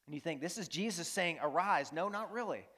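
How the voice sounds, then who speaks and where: Man, pastor, sermon, emphatic, repeats key phrases, slightly high voice. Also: animated, fairly quick, bright, forceful tone.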